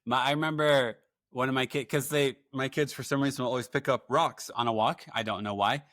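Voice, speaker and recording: A man's voice: medium pitch, steady tone, fairly quick, a bit bright, dry recording, clean studio sound. A man hosting a podcast, chatting casually and playfully as he asks questions. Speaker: podcast host.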